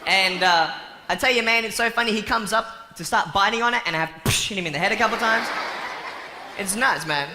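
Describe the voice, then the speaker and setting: Man, bright forceful voice, playful, jokey storyteller, live talk to an audience, echoing hall, faint noise. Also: sits high, fairly quick. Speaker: motivational speaker.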